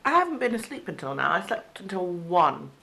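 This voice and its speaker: A woman's voice: on the low side, sing-song, a little fast, creaky, bright, forceful tone. A young woman from Cheshire chatting casually on a vlog, telling a story with frequent giggles. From Cheshire, England. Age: young adult. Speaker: vlogger. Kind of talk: casual chat.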